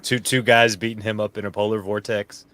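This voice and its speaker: A man's voice: fairly low pitch, little pitch movement, a little fast, fairly bright tone. A man co-hosting a casual podcast, chiming in with dry, offhand quips about wrestling. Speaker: podcast co-host. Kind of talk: casual wrestling recap chat.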